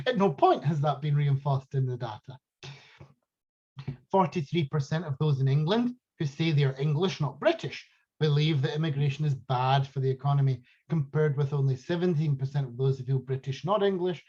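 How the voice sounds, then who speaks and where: A man with a husky voice gives political commentary as a podcast host. His delivery is emphatic and argumentative, and he waves off opposing claims dismissively. The recording is dull and lo-fi. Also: on the high side, brisk, a little mellow.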